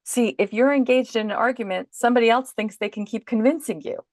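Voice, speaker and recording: A woman guest on a podcast, calmly and patiently explaining parenting advice in an instructive way. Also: on the high side, a little fast, dry recording, clean studio sound.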